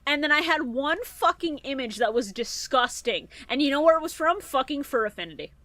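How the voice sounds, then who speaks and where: A woman co-hosting a podcast in casual chat, crude and animated, quick to laugh. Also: high voice, no echo. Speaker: podcast co-host.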